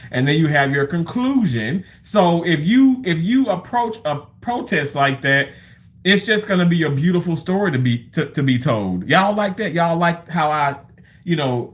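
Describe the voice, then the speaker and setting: A man in his thirties or forties rambles through a loose livestream monologue, chatting and telling stories as he goes. His voice runs a little high with a fairly bright tone, and he swears casually mid-sentence.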